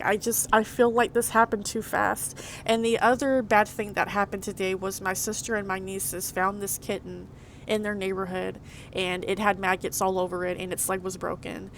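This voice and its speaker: A woman's voice: mid-range voice, a bit bright, slight background noise. A young woman crying and venting in a vlog, upset and stammering as she repeats herself. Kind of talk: emotional vlog monologue.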